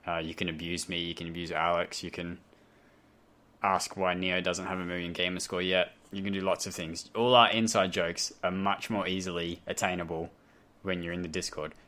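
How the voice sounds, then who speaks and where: Low, bright-voiced man with a light Australian accent. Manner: rambling, self-deprecating, tangents. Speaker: podcast host. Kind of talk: casual chat. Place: home, talking over a voice call.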